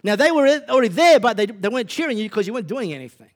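An Australian-accented male pastor delivering a sermon with a fairly high voice for a man. He talks in a loose, conversational way, punchy and laced with wry self-deprecating jokes. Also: big pitch swings, rapid-fire.

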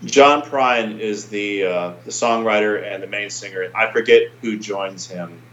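A man's voice: on the low side, unhurried, fairly bright tone, a little hiss or hum. Brief: male podcast co-host, rambling, echoey room, slightly lo-fi. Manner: rambling, thinking aloud with fillers. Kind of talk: casual podcast chat. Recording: roomy, dull home mic.

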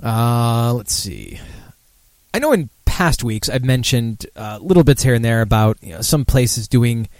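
A man's voice: mid-range voice, lively intonation, unhurried, darkish tone, no echo. A man hosting a casual drinking podcast, rambling and sardonic with lots of profanity. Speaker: podcast host.

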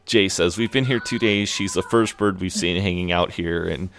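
A man's voice: deep voice, normal speed, fairly bright tone, a little hiss or hum. A man co-hosting a podcast, casually retelling television scenes and quoting the characters' lines with frequent laughs. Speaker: podcast co-host. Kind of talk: casual recap chat.

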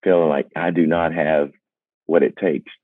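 Older male singer-songwriter, low voice, earnest and self-mocking storyteller; thin phone-like sound. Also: fairly even intonation, dry recording. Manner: earnest and reflective, self-deprecating, halting restarts. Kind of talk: candid personal storytelling. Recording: dry, phone-like narrow sound.

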